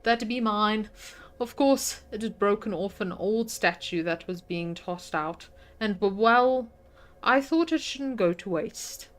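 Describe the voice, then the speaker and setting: A woman voicing a pious, sharp-tongued older housekeeper who speaks in a prim, indignant way. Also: mid-range voice, expressive, slow pace.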